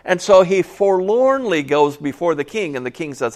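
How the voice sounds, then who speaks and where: A man preaching a conversational sermon, telling a Bible story with folksy, animated asides. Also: sits high, moderate pace, few pauses.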